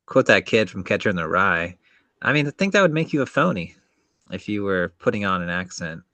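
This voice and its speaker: A man with a slight Southern drawl, co-hosting a podcast and speaking in an earnest, measured, thoughtful way. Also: fairly low pitch, very animated, bright, forceful tone, no room sound. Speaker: podcast co-host. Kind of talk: casual podcast banter.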